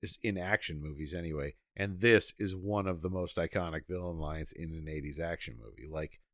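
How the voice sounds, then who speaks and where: Male podcast co-host, lower voice, bright and forceful, animated banter, dry sound. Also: a little fast, dry recording. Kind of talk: casual movie chat.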